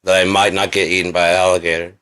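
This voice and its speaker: Man, deep voice, bright timbre, rambling monologue, frequent coughing, swearing, acted-out quotes. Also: flat delivery, racing, clear, resonant tone. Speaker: video creator.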